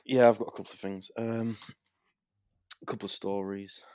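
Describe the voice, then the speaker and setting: A young man with a very low, deep voice tells an animated story on a casual podcast. His delivery is full of swearing and laughter. The sound is dry and close to the mic. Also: normal speed, smooth, no echo. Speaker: podcast co-host.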